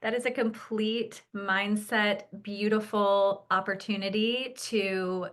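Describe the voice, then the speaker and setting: A woman guest in a podcast interview, telling stories with lively enthusiasm and slowing to a calm, soothing tone when she talks about peace and breathing. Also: mid-range voice. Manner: animated storytelling, acts out excited quotes. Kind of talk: conversational interview.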